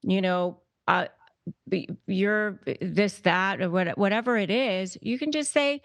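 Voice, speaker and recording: A woman's voice: mid-range voice, measured pace, dry recording. A woman attorney giving advice as a podcast guest, speaking emphatically, repeating key phrases and restarting often. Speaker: guest, attorney and negotiation expert.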